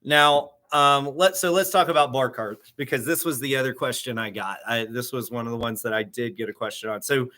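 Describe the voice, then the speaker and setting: A man teaching guitar in a casual, halting way, often repeating words as he explains and counting beats aloud. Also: mid-range voice, sharp tone.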